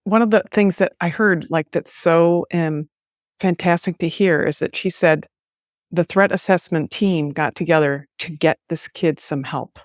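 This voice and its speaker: A woman's voice: lowish voice, measured pace, dry recording, clean studio sound. A woman co-hosting a podcast in casual chat, reacting with lots of exclamations. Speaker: podcast co-host, former FBI program head.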